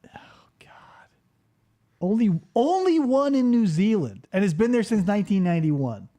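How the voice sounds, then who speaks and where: Brash, foul-mouthed show host with a lively voice. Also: medium pitch, normal speed. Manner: brash, joking, swears freely. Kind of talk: casual profane banter.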